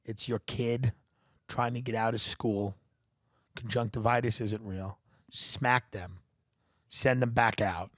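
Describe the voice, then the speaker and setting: A man's voice: mid-range voice, fairly even intonation, slow pace, long pauses, a bit bright, dry recording, studio quality. A man hosting a comedy podcast, riffing in a profane, sarcastic, rambling monologue.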